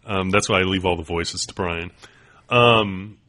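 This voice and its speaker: Low, bright-voiced man telling stories. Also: a little slow. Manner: excitable storyteller, many fillers and restarts. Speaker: podcast co-host. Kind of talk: casual chat.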